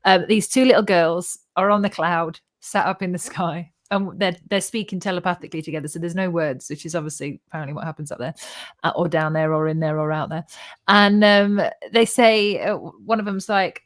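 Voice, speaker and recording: A woman hosting a casual live conversation, telling stories in an animated, chatty way. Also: fairly low pitch, brisk. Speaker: host of a live spiritual talk stream.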